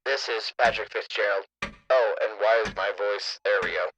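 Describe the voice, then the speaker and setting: A man's voice: lowish voice, fairly even intonation, normal speed, a bit bright, lo-fi sound, slight background noise, pitched below the performer's own voice, natural voice. A man reading a publisher calling on the phone, polite and stiff, slipping into a Southern drawl. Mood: insistent. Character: brisk male publisher's clerk on the phone.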